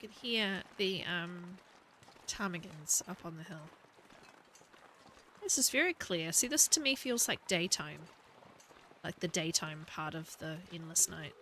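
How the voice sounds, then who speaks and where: A woman's voice: fairly low pitch, expressive, measured pace, pauses often, pushed and bright, slight background noise. A woman chatting casually while she plays a video game at home, thinking aloud and talking to her dog. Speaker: gaming video creator. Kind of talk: casual gameplay commentary.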